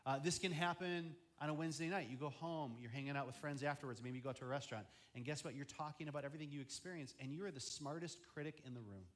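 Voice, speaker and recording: A man's voice: on the high side, quick pace, hardly any pauses, a bit bright. A young man preaching as a student ministry pastor, chatty, often acting out quoted voices. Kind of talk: youth sermon.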